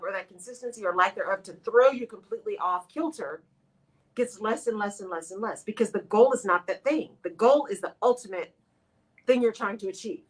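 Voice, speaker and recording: A woman's voice: medium pitch, poor audio. A woman hosting a live radio talk show, speaking expressively to her listeners and acting out her own inner voice.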